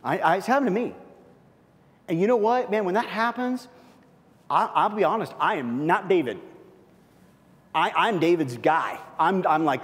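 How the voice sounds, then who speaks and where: Conversational preacher in an echoing hall. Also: male voice, sits high, animated, normal speed, pauses often, a bit bright. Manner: conversational, heavy use of fillers. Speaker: pastor. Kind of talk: sermon.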